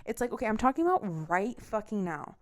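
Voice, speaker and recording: Young woman ranting on her podcast, swears a lot, super animated, casual chat vibe. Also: mid-range voice, a little fast. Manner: animated, swearing, rant-like storytelling. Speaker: podcast host.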